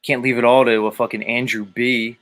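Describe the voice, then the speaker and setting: A man's voice: mid-range voice, flat delivery, moderate pace, fairly bright tone. A man hosting a livestream, chatting casually and crudely as he greets viewers and reads their comments. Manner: crude, joking, rambling. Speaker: livestream host.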